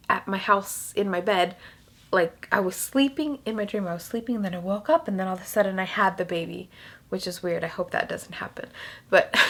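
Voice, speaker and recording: A young woman vlogging casually, rambling with many fillers and restarts while she cries. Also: mid-range voice. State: crying. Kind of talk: emotional casual vlog talk.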